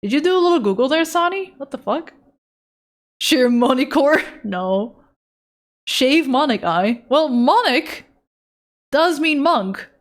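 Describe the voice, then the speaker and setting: A woman's voice: high-pitched, very animated, measured pace. A woman from the Netherlands chatting casually with her live-stream audience while she draws, playful and joking, swearing freely.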